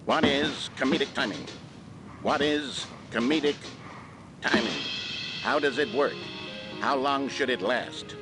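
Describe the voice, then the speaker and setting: A man's voice: medium pitch, lightly acted. A man voicing an upbeat, mock-authoritative narrator of an old instructional video. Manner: brisk, cheery, mock-authoritative. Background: music.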